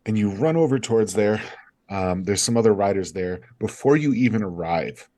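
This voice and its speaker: A man's voice: fairly low pitch, expressive, moderate pace, warm tone. A man running an improvised tabletop game as game master, narrating in a hesitant, apologetic way with many fillers.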